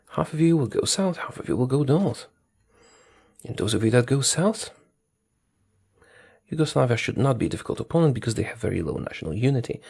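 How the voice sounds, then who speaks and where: Casual game commentator, male, gravelly and husky, lively pitch, muttering orders to his troops. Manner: thinks aloud, talks to his units, corrects himself. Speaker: strategy game streamer.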